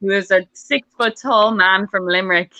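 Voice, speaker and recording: A woman's voice: medium pitch, normal speed, bright, forceful tone, no echo, rough recording. An Irish woman comedian chatting on a video call, laughing often and swearing freely. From Ireland. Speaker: comedian guest. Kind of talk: casual chat on a video call.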